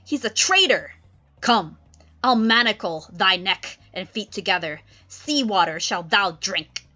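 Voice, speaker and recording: A woman voicing Prospero, a stern, scheming old sorcerer father, reading his lines loudly and commandingly. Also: mid-range voice, lively intonation, unhurried, dull audio. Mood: threatening.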